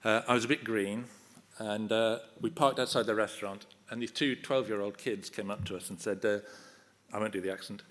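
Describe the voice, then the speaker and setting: A man's voice: lowish voice, steady tone, brisk, fairly bright tone. An older man giving a self-deprecating, humorous acceptance speech at a ceremony, telling anecdotes on a podium microphone in a hall. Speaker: honorary award recipient.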